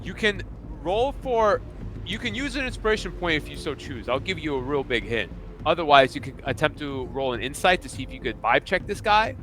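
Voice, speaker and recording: A man's voice: fairly high pitch, sing-song, brisk, a bit bright, a little hiss or hum. A young man narrating as the game master of a tabletop game in a casual, loose manner full of fillers.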